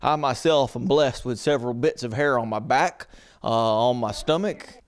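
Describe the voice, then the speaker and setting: A man's voice: mid-range voice, normal speed. A young man giving a mock-pompous comic rant in a grandiose, preachy way, stumbling over words now and then.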